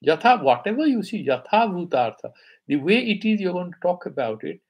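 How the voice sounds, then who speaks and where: A man teaching a live scripture class in Indian English, explaining calmly and chanting Sanskrit verses with raised emphasis. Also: high voice, brisk, husky, rough recording.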